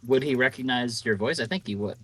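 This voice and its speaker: A man narrating a tabletop game as game master in a relaxed, casual way. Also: medium pitch, brisk, husky.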